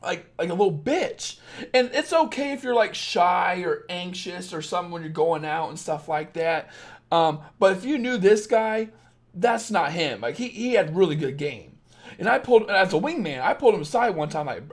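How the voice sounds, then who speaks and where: A man in his thirties giving blunt, profane dating advice on a live stream, swinging from low asides into loud rants. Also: lively intonation, brisk. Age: 30s. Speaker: dating coach.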